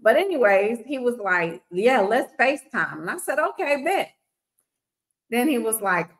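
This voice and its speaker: Sassy woman storyteller, lively pitch swings, blunt, acts out dialogue. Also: normal speed, poor audio. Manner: animated, acts out both sides of conversations. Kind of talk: casual storytelling chat.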